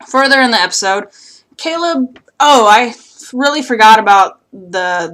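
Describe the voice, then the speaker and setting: Her voice medium-pitched and a bit bright, a young TV recap vlogger rambles outdoors about an episode, cursing freely and filling her talk with ums and likes.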